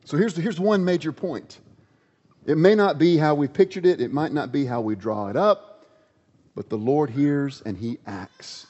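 A man preaching a sermon in a conversational, animated storytelling way, in an echoey, dull-sounding hall. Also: fairly high pitch, moderate pace. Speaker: pastor.

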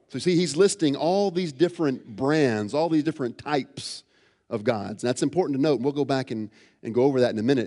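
A man preaches a sermon in a church, reading scripture and unpacking it verse by verse. His voice is mellow and dark, in a middle pitch, and it rings with the long reverb of a large sanctuary. He often throws rhetorical questions at the congregation. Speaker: pastor.

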